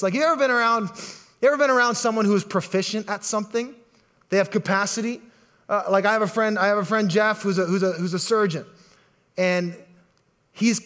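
Casual middle-aged male pastor, very high voice, animated sermon delivery that repeats words as it builds.

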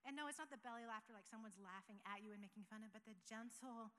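A woman's voice: a little high, fairly even intonation, quick pace, long reverb tail. A woman in her forties, an operations pastor, sharing a personal testimony in an earnest, conversational way. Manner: earnest, conversational, with soft laughs. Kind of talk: church testimony talk. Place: church sanctuary.

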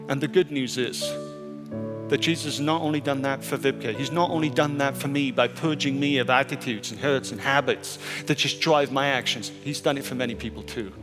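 A male pastor preaching a sermon, moving between urgent raised questions and quiet, hushed statements. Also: a little high, a little fast. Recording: church hall reverb with soft music.

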